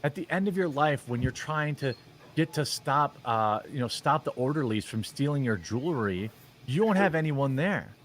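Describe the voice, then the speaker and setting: A man's voice: mid-range voice, lively intonation, moderate pace, a little hiss or hum. Sarcastic man ranting over clips. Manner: sarcastic, mocking, rambling with fillers. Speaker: commentary vlogger. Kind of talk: opinionated commentary on clips.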